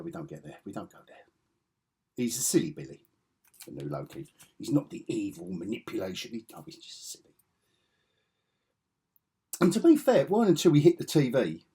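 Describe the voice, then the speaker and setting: A man's voice: lowish voice, warm tone, slightly rough. A man chatting casually as he shows off his comic collection, enthusiastic and rambling with chuckling asides. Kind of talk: casual show-and-tell chat.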